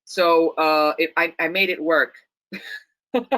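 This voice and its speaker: Italian actress being interviewed, bright clear voice, keeps restarting her sentences. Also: deep voice, fairly even intonation, slow, low-quality recording. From Italy. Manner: thoughtful, many restarts and repeated words. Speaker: guest actress. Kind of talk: casual interview chat.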